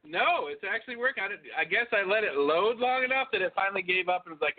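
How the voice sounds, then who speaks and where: Podcast co-host, middle-aged man, high and animated, joking and profane, calling in on a tinny phone line. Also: quick pace, few pauses. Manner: laughs often, loose and profane. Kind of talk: casual chat. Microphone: phone call.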